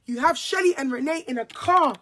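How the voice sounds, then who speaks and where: Brief: young woman, high bright voice, angry confrontational rant, repeats herself. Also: a little fast. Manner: heated, repetitive, confrontational. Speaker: reality show cast member. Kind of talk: angry monologue to camera.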